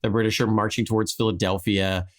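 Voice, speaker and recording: A man's voice: fairly low pitch, flat delivery, quick pace. A man hosting a podcast, telling a history story in a rambling, casual way with frequent restarts and laughs.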